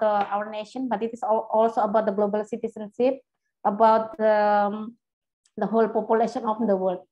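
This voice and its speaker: Woman lecturer, mellow voice. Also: fairly high pitch, muffled recording. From Indonesia. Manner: patient, repeats and affirms student answers. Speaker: law lecturer. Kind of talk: online lecture, calling on students.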